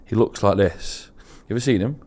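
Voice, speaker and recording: A young man co-hosting a podcast, telling an embarrassing story in a casual chat, laughing at himself, his voice swinging between loud and hushed. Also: fairly low pitch, moderate pace. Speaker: podcast co-host.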